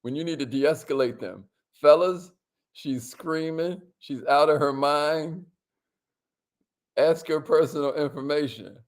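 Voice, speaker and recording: Man in his own casual voice, a slightly high-pitched livestream host who talks slang and hypes up the chat. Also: unhurried. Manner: lively, hypes up viewers and reads their comments; drops to a near whisper to make a point. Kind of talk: casual livestream talk to viewers.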